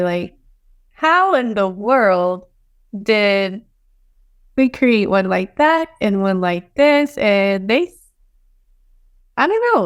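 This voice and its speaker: A woman's voice: mid-range voice, smooth. A woman in her thirties from Texas, a podcast guest chatting in an easygoing way and laughing often. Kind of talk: casual chat.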